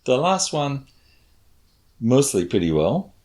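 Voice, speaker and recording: A man's voice: medium pitch, very animated, slow, darkish tone. A man, a cognitive scientist, explaining his experiments patiently in a casual chat and demonstrating intonation.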